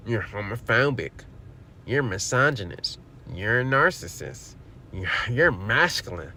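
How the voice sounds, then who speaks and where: A man preaching on a livestream, reading verses aloud and then explaining them bluntly with rhetorical questions and swearing. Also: medium pitch. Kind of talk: streamed scripture lesson.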